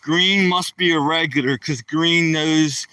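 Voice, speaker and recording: A man's voice: on the high side, fairly even intonation, unhurried, bright, forceful tone, clean tone, no echo, recorded from a distance. An older retired man with a Philadelphia accent, chatting casually with viewers on a night-time live stream while walking his dog outdoors, greeting them with a playful "yo, yo, yo.".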